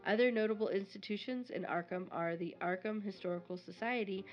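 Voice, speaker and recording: A woman of middle pitch co-hosts a podcast, chatty and jokey as she reads. Her sound is slightly dull and lo-fi, with faint music behind. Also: a little fast. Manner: jokey, giggly banter, then reads a quoted passage aloud. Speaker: podcast co-host. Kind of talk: podcast reading and chat.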